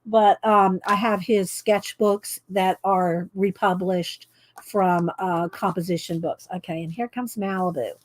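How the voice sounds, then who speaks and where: A woman's voice: medium pitch, fairly even intonation, measured pace. A woman chatting casually as she shows her art books, rambling with many fillers and restarts. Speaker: art book vlogger. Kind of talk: casual show-and-tell chat.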